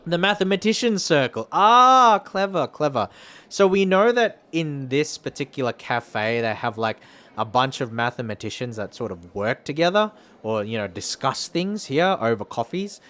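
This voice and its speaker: A man's voice: mid-range voice, very animated, normal speed, a bit bright. A man streaming a story game, chatting casually, laughing often and joking about his own voices. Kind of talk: casual live-stream chat.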